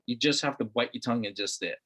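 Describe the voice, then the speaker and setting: A man's voice: mid-range voice, fast, fairly bright tone, husky. A middle-aged man from Hawaii, a guest talking earnestly in a casual conversation, repeating words for emphasis. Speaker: interview guest.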